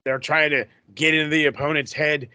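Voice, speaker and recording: A man hosting a podcast, recapping in a casual, excitable, profane way that rambles. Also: on the high side, brisk, no echo. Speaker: podcast host.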